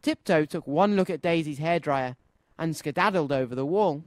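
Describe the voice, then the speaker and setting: Lively male children's radio storyteller. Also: on the high side, moderate pace, dry recording. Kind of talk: storybook read-aloud. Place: radio studio.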